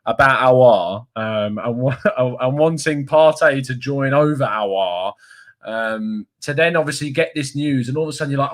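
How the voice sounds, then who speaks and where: A young man hosting a football channel stream, rambling excitably and self-mockingly with frequent laughter. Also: mid-range voice, a little slow. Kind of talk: excitable live-stream reaction chat.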